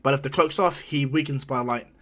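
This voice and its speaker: A man's voice: medium pitch, a little fast. A man casually retelling a fan-made story, rambling with many restarts and acting out the characters' lines.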